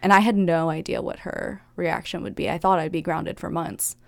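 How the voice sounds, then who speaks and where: Gravelly young woman telling her story. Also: on the low side, steady tone, dry recording. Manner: candid, reflective, with quick laughs and acted-out quotes. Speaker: interviewee. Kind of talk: personal life-story interview.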